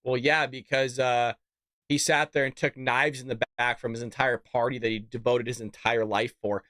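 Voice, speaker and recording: A man's voice: mid-range voice, little pitch movement, moderate pace, a bit bright, dry recording, studio quality. A man hosting a casual political commentary show, talking in a mocking, sarcastic way and calling his listeners folks.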